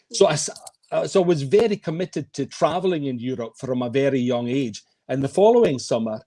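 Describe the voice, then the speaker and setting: An older man with a Scottish accent, a writer answering interview questions on a video call with long, anecdotal stories. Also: medium pitch. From west of Scotland. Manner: warm anecdotal recounting. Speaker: guest writer. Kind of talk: storytelling interview.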